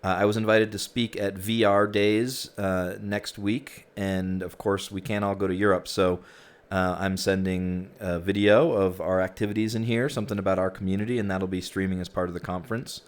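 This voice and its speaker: Deep-voiced man hosting casually. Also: little pitch movement, moderate pace, few pauses. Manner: easygoing, chatty, frequent "you know" and "um". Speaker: host of a virtual reality group session.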